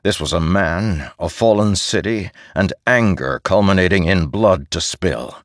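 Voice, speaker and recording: A man giving measured, steady scripted narration as an audiobook narrator. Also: deep voice, dry recording. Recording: dry close studio sound.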